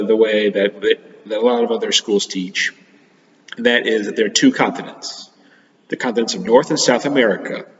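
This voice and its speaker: A man teaches a class of children, explaining things simply and patiently and pausing often. His voice comes through a dull, lo-fi recording that rings in a roomy space with a long reverb tail. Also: mid-range voice, a little hiss or hum. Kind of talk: geography lesson for children.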